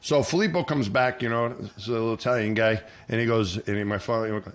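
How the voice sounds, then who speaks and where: A man telling a long, animated story in casual podcast chat, acting out the people he quotes. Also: medium pitch, fast talker, creaky. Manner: animated, acts out quoted voices, many restarts. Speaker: podcast co-host.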